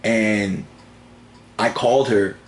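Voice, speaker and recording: A man's voice: lowish voice, steady tone, slow pace, slight background noise. A young man co-hosting a casual sports podcast, rambling and telling stories with frequent laughs. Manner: rambling, laughs often, storytelling. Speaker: podcast co-host.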